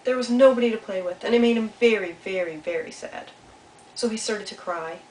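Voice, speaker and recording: Animated woman telling a puppet story. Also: on the high side, fairly quick. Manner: animated, asks the listening children questions. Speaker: children's storyteller. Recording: roomy sound from a distance, faint hiss.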